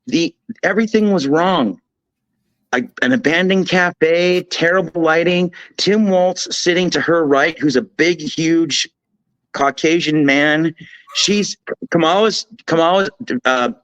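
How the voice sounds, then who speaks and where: A man with a fairly high voice gives his opinions as a guest commentator on a talk show. He talks emphatically and animatedly, often restarting his sentences. The sound is dry and close to the mic. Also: a bit bright, no room sound, low-quality recording. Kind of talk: political talk show chat.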